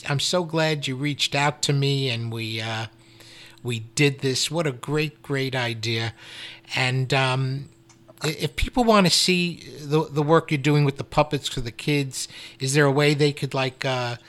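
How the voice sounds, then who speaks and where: A man's voice: mid-range voice, measured pace, a bit bright. Man hosting a live interview. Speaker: radio host. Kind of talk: casual interview.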